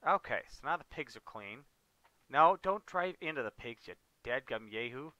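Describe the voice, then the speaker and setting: A man's voice: medium pitch, expressive, normal speed, pushed and bright, no echo. A man hosting a livestream, chatting casually as he plays a farming game and grumbling now and then. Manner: chatty, talks to chat and co-players, mild exasperated outbursts. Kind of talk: casual gameplay commentary.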